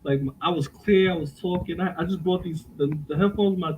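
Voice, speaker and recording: Animated man on a noisy headset. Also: sits high, brisk, highs cut off. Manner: animated storytelling, swearing freely. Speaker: podcast co-host. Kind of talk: casual chat. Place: home, indoors. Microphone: cheap headphones with mic.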